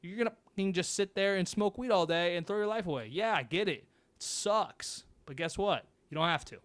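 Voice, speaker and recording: A man's voice: high-pitched, fairly quick, clean tone. A young man hosting his own show, talking bluntly and with swearing in a fired-up motivational monologue. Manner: blunt, profane, animated. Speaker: host.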